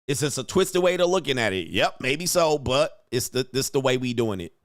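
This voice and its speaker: A man's voice: medium pitch, lively intonation, normal speed, no room sound, studio quality. A man hosting a reaction commentary show, talking in a blunt, crude and mocking way with lots of slang. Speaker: commentary host.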